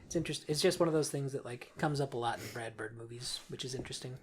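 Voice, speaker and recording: A woman's voice: extremely low pitch, fast, slight background noise. A young woman co-hosting a podcast in casual chat, talking with lots of fillers and laughing often. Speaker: podcast co-host.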